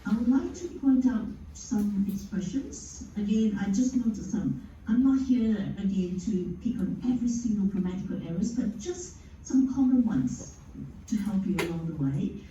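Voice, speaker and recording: A woman's voice: mid-range voice, warm tone, recorded from a distance, highs cut off. Woman on an echoey, noisy video call. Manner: patient, explains slowly with examples. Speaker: grammarian at a speaking club meeting. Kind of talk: meeting feedback talk.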